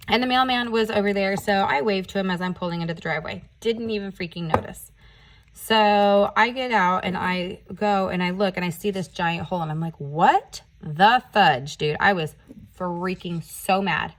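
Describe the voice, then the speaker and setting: Fired-up woman ranting through a story. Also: medium pitch. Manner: animated ranting storytelling with frequent swearing. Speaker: nail art vlogger. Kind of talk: casual story time while doing nails.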